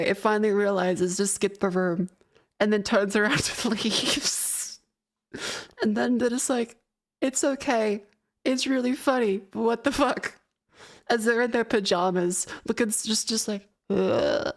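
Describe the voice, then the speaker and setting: A woman's voice: mid-range voice, steady tone, normal speed. Rambling, laughing young woman streamer. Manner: rambling, laughing, swearing storyteller. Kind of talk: casual chat.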